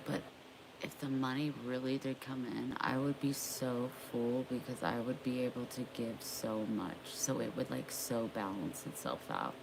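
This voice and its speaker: A woman's voice: rumbling low, moderate pace, creaky, noisy background. A young woman chatting casually on a livestream, drawling and greeting viewers by name. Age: young adult.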